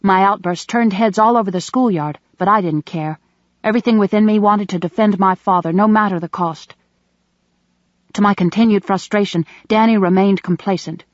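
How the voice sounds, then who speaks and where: A woman narrating an audiobook in first person, with an even, measured reading. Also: mid-range voice, dry recording. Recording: dull dry close recording.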